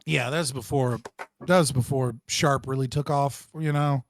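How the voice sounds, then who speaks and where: A man's voice: mid-range voice, steady tone, moderate pace, dry recording, clean studio sound. A man co-hosting a casual chat show, joking and swearing freely. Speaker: show co-host.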